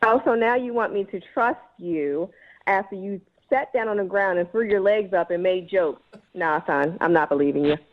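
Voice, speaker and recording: A woman calling into a radio show, dramatic and exasperated, mocking the man she went out with. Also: mid-range voice. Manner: dramatic, exasperated, quick to mock. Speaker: caller. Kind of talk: call-in radio complaint. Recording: muffled phone line.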